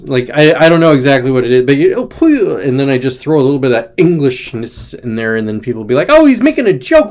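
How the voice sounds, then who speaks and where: Man, livestream host, loose rambling chat at his desk, mid-pitched voice, lots of ums and self-corrections. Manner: digressive, chatty, frequent ums and self-corrections. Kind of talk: casual rambling livestream talk.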